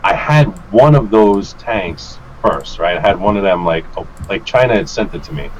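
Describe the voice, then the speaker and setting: A man tells a story loosely and with plenty of cursing, his voice riding up and down as he acts out his own anger. He sits a bit low in pitch, and a faint hum of ambience sits behind him. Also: moderate pace, rough recording. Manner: animated, profane, acts out his own outbursts. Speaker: guest vape reviewer. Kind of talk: casual storytelling on a live stream.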